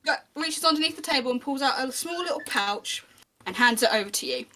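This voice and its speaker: Woman, game master, tabletop narration, high voice, bright tone, chatty and descriptive. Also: expressive, a little fast. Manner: descriptive, chatty, with small restarts.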